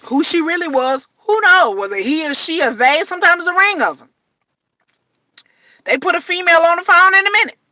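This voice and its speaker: Black woman ranting on a reality show vlog, high voice, dry close sound. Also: animated, brisk, pushed and bright, no room sound. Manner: blunt, emphatic, slangy, repeats phrases. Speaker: reality TV commentator. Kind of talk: casual commentary vlog.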